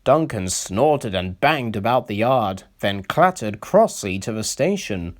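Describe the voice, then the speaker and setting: A man narrating a children's storybook in an expressive storytelling manner. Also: fairly low pitch, measured pace. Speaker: reader.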